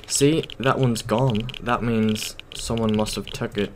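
Slow, low-voiced man rambling over gameplay. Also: fairly even intonation, a little hiss or hum. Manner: rambling, hesitant, full of ums and self-corrections. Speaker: gaming YouTuber. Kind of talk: casual gameplay commentary. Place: at a computer while playing.

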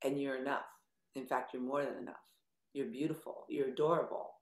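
Animated older woman hosting a video call. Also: rumbling low, a little fast, roomy sound. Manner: animated, teasing, swears casually. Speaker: anxiety forum host. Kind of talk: live video call coaching.

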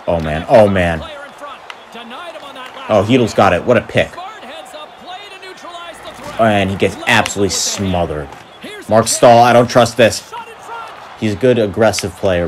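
A young man doing play-by-play commentary while he plays a video hockey game, calling goals like a sportscaster and yelping and groaning at the action. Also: lowish voice. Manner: excitable, mock sportscaster calls, yelps and groans. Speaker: gaming YouTuber. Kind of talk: live play-by-play gaming commentary.

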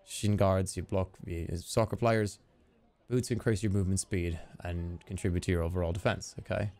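A man streaming a video game in casual, jokey commentary, reading the on-screen text aloud and reacting with excitement. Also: low-pitched, normal speed.

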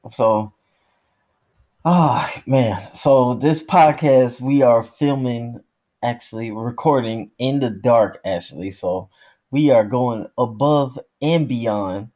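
A man co-hosting a casual movie review podcast, blunt and slangy, recording at home in the dark during a power cut. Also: medium pitch, takes it slowly. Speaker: podcast co-host.

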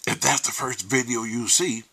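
A man's voice: mid-range voice, moderate pace, gravelly, pushed and bright, slightly rough. A man hosting his own livestream, talking candidly and emotionally, swearing freely and sometimes dropping to a near-whisper. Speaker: host. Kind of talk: casual livestream monologue.

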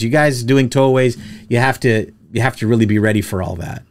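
A man hosting a laid-back podcast in a studio. He talks in a mid-pitched voice and tells jokey stories, acting out what people said in raised voices. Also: fairly quick. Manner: storytelling, jokey, acts out quotes in raised voices. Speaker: podcast host, tow truck operator. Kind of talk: casual podcast chat. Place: studio with producer present.

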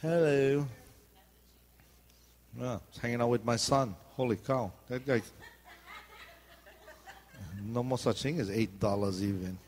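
A man's voice: medium pitch, a little slow, long pauses, darkish tone, a little hiss or hum. A middle-aged man with a Hawaiian Pidgin accent, preaching in a chatty, joking storytelling way. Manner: chatty storytelling, jumps into voices. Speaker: pastor. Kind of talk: joking sermon talk.

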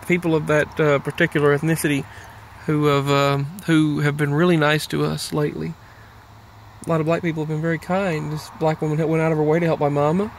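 A man talking on his own in a loose, meandering way, often circling back on his words. His voice sits a little high for a man. Faint noise runs under the recording. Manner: meandering, many fillers and restarts. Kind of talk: casual rambling monologue.

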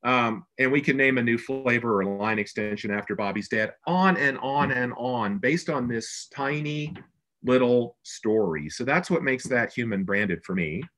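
A man's voice: medium pitch, lively intonation, normal speed, fairly bright tone. A man presenting a business webinar as a brand consultant, speaking in an earnest, conversational way with emphatic stresses.

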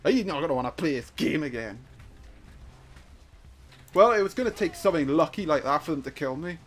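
A man giving live gameplay commentary, excitable and trash-talking, swinging from muttering to shouting. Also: a little high, fairly quick. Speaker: gaming YouTuber.

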